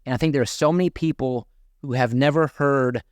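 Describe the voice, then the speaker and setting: Male podcast host, eager and rambling, mid-pitched, dry close mic. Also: fairly even intonation, brisk, a little mellow, clear, resonant tone, dry recording. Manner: enthusiastic, rambling with many restarts. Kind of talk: podcast interview hosting.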